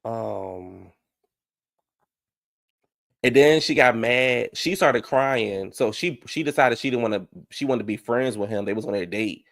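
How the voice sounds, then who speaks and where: A man giving a sassy, animated casual review of a reality show, talking straight to his viewers. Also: mid-range voice, measured pace, vocal fry.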